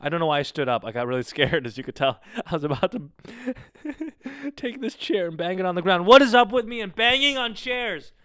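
A man hosting his own podcast alone, chatting casually in a rambling, excitable way with a lot of swearing. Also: high voice, fast, hardly any pauses, clear, resonant tone, no echo, clean studio sound. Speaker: podcast host. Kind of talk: casual solo podcast chat. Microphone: close studio mic on camera.

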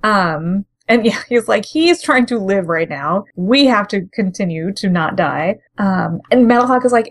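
A woman's voice: medium pitch, normal speed, hardly any pauses, no echo. A woman co-hosting a podcast, chatting casually and acting out characters' lines as she recaps a comic. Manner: animated, acts out characters' lines while retelling. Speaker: podcast co-host.

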